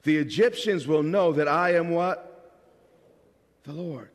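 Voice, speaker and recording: A man's voice: on the high side, measured pace. A man preaching a sermon as pastor, asking the congregation questions and acting out the voices he quotes. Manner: animated, acts out quoted voices. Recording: long hall reverb.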